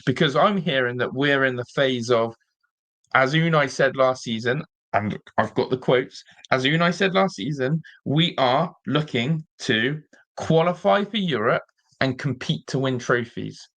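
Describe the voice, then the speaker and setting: Male fan-show host, mid-pitched, exasperated live rant. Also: a bit bright. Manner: exasperated, repeats himself, mocking.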